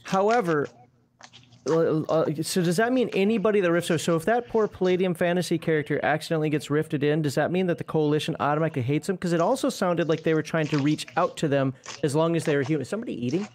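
A man's voice: on the high side, quick pace, darkish tone, a little hiss or hum. A man hosting a tabletop game live stream in casual chat, easygoing and chatty while sick.

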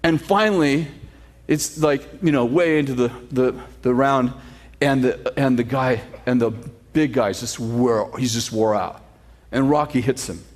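Animated joking male pastor. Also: medium pitch. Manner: animated storytelling with sarcastic humor and laughs; reads scripture slowly and steadily. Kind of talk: sermon.

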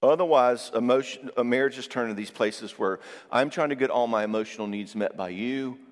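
A man giving a Christian marriage seminar. He talks in a conversational way, tags his points with "all right?" and tells lively personal stories. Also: mid-range voice, brisk. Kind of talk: live seminar talk to an audience. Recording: long reverb in a large hall.

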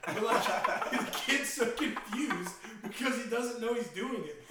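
A young man telling stories in casual chat with friends, animated and quick to laugh. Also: very high voice, recorded from a distance, very noisy. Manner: animated storyteller, fast and laughing. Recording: echoey room, away from mic.

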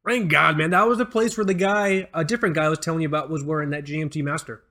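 Telling a story on his podcast, this host is animated and casual, voicing quotes and laughing frequently. His pitch is fairly high, and he talks fast.

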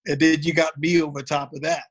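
Speaking briskly with a flat delivery, this man from Baltimore, United States, has a somewhat high voice. He's a drummer guesting on a relaxed interview, wandering through anecdotes and saying "you know" constantly.

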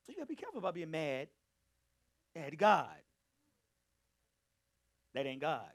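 A man teaching a Bible study, preaching emphatically and calling out to his listeners, swinging between loud and hushed delivery. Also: on the high side, huge pitch swings, normal speed. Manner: emphatic, calls out to the group. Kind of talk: preaching to a live group.

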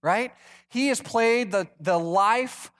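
A pastor preaching a sermon in a relaxed, conversational way, putting questions to his congregation. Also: high-pitched, takes it slowly.

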